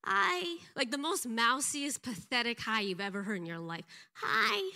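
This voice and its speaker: A middle-aged woman giving an animated, self-deprecating church testimony, laughing often. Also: a little high, brisk. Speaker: pastor's wife giving a testimony.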